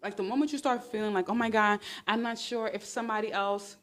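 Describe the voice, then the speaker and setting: A woman hosting a casual livestream on her phone, talking in a sarcastic, exclamatory and animated way. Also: medium pitch, fairly quick. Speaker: livestream host.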